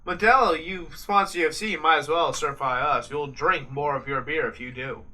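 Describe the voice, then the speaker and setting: A young American man with a fairly high, sharp voice talks briskly while co-hosting a podcast. Watching a live fight late at night, he rambles, jokes, and swears through casual chat.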